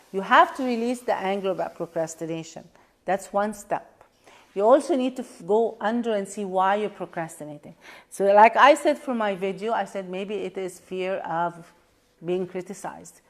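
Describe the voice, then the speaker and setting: A woman leading a tapping lesson, speaking in repeated affirmations in a coaching tone. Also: medium pitch.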